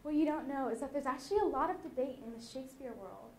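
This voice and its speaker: A teenage girl giving a lively, chatty talk to a student audience at a youth conference. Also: high voice, fast talker, a little hiss or hum. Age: late teens. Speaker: student speaker. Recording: echoey hall.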